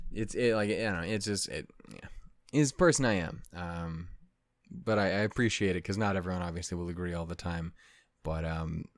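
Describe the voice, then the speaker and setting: A deep-voiced man hosting an anime reaction channel winds down with a casual, rambling chat to viewers, cursing a lot and making fun of himself. He gets sidetracked easily and loses track of what he was saying, with no room sound in the recording.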